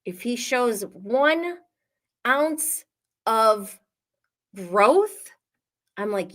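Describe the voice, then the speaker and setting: Slow-talking gossipy woman host. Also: on the high side. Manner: animated gossipy, laughing often. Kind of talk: casual reality TV recap.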